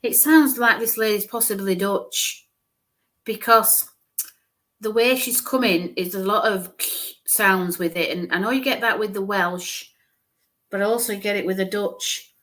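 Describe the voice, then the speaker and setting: A woman's voice: mid-range voice, measured pace, fairly bright tone. A woman medium giving a live-streamed psychic reading, musing aloud, hesitant, repeating sounds and letters.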